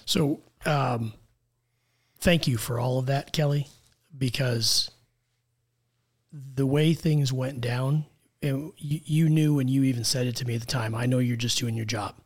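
Husky, gravelly American male guest. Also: medium pitch, fairly even intonation, unhurried. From United States. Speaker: guest, executive coach. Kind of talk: conversational interview.

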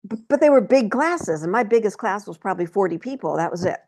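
A woman talking candidly in a casual conversation, telling stories about her life and getting animated when she acts out her own reactions. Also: mid-range voice, fast talker. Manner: candid storytelling, animated when quoting herself. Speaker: guest.

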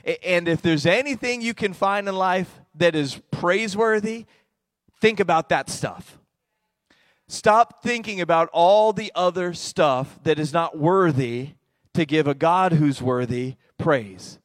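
Energetic pastor preaching, loud and soft. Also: male voice, on the high side, unhurried, no room sound. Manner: energetic, swings between quiet and loud. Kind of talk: sermon.

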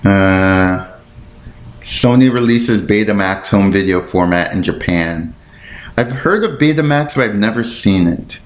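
In a roomy-sounding recording, a man hosting his own casual podcast speaks unhurriedly in a lowish voice. He wanders as he looks things up and thinks aloud, fumbling his words and apologizing in a self-deprecating manner.

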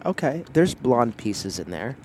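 A man's voice: mid-range voice, big pitch swings, a little slow, a little mellow, slight background noise. Playful joking man hosting a podcast. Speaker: podcast host. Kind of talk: casual chat.

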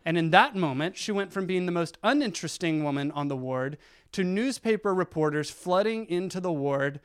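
A man with a higher, smooth and clear voice tells a story to an audience. He acts out each exchange of dialogue with quick shifts of voice. The delivery is animated and theatrical. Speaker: guest speaker. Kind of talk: storytelling talk.

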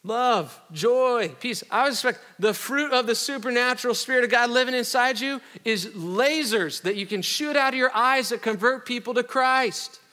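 A middle-aged pastor from Iowa delivers a sermon in a bright, high-pitched voice. He keeps it loose, joking, with casual slang. The sound carries a long reverb from a large hall. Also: moderate pace, hardly any pauses. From Iowa, USA.

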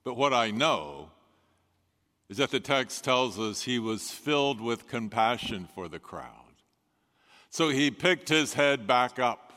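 Slow, deliberate preaching man in an echoing hall. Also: mid-range voice, lively intonation, sharp tone. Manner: measured storytelling with dramatic pauses. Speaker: pastor. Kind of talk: sermon. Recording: long reverb of a large hall.

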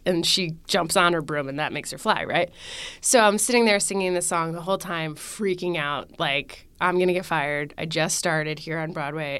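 A woman's voice: fairly low pitch, a bit bright, no room sound. A young woman, a stage actress, telling a story in a casual interview, acting out her own panic in quoted lines.

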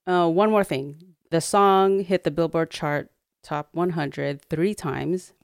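Low, smooth-voiced woman sharing facts. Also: slow pace, no echo, studio quality. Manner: relaxed storytelling, many fillers. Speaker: podcast co-host. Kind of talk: casual chat.

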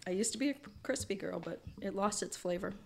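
A woman's voice: medium pitch, a little fast, creaky, slight background noise. A woman guest chatting casually on a podcast, giggly and stumbling over words. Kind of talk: casual chat.

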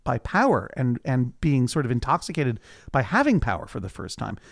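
A podcast co-host recaps a TV series in casual, animated chat, acting out the characters' lines in quoted voices. His mid-range voice is a little creaky and a bit fast, recorded at studio quality with no echo.

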